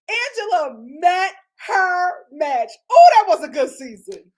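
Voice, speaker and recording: Female host, high and lively voice, gossipy live TV review, frequent laughter. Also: takes it slowly, hardly any pauses, poor audio. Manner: gossipy, animated, laughs often. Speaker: TV show reviewer, channel host. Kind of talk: live reality-show review.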